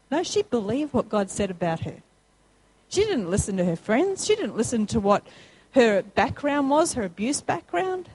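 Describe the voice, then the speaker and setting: High-voiced woman preaching emphatically. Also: very animated, normal speed, darkish tone, a little hiss or hum, rough recording. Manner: emphatic, rising to high call-and-response peaks. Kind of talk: sermon.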